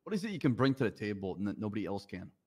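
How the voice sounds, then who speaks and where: A man's voice: on the low side, sing-song, mellow, slightly rough. Man playing a probing police interviewer. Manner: measured, probing questions. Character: deliberate male police officer running a job interview. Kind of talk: improvised police role-play.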